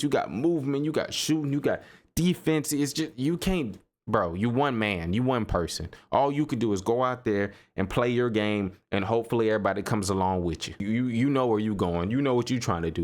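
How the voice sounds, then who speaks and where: A young man hosting a casual solo basketball podcast, talking in a loose, animated way, repeating himself and laughing as he riffs on games. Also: mid-range voice. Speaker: sports podcast host. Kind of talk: casual solo sports commentary.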